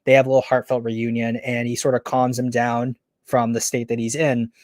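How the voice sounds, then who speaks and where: A man hosting a podcast, casually retelling a story pitch in a rambling, enthusiastic way. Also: little pitch movement, normal speed, a little mellow, no room sound, clean studio sound. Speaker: podcast host.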